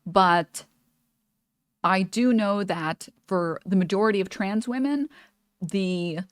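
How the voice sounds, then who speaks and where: A woman's voice: mid-range voice, slow pace, no room sound, studio quality. A woman streamer chatting casually while reacting to a video, rambling with many fillers and restarts. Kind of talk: casual live-stream chat.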